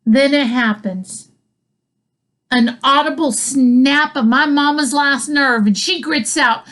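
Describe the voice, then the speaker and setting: Slow, high-voiced woman storyteller. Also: a bit bright. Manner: rambling, self-interrupting with asides; chuckles between lines. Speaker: comedian. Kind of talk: comedic storytelling.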